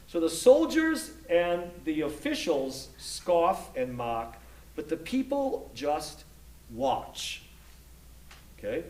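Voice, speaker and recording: A man lectures on scripture in a slow, halting way, restarting his thoughts and pausing to ask "okay?". His voice sits a little high for a man. He is recorded from a distance in an echoey room. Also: big pitch swings, a little mellow. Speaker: Bible study instructor.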